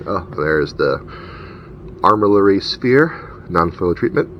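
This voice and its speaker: A man's voice: big pitch swings, slow pace. A man casually reading out card names and rules text, with chatty asides between them. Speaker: channel host opening card packs. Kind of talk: casual unboxing commentary. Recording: dull lo-fi recording with faint rumble.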